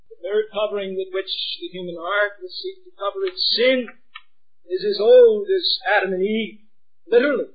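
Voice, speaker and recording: A middle-aged man preaching a sermon, swinging from hushed pleading to shouting. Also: sits high, steady tone, moderate pace, breathy edge, dull audio.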